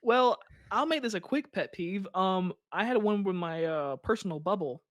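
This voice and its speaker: A young man co-hosting a podcast in casual chat, laughing often and tossing in quick mock voices. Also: high voice, animated, dry recording, studio quality. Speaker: podcast co-host.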